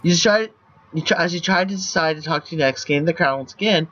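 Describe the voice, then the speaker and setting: Man with a fairly high voice reading game text aloud for a stream, playful, slightly muffled audio. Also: fairly quick, bright, forceful tone. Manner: playful, laughs at the lines.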